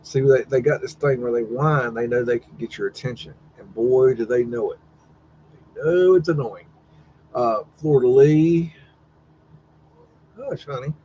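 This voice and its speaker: Brief: man as live-stream host, rambling and profane, mid-pitched voice, dull lo-fi audio. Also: normal speed, mellow, slight background noise. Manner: rambling, profane, wondering aloud, teasing his dog. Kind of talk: casual live-stream commentary on old photos.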